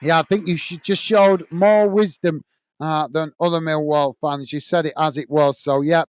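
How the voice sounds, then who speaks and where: A man's voice: fairly high pitch, steady tone, normal speed, smooth, no echo. A man hosting a casual live stream, reading viewer comments aloud and chatting with many uhs. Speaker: host reading live chat.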